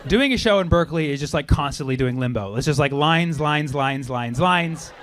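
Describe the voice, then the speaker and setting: A man doing a brash, animated stand-up set with crowd work on a comedy club stage. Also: on the high side, moderate pace. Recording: live club recording with loud crowd. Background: audience laughter.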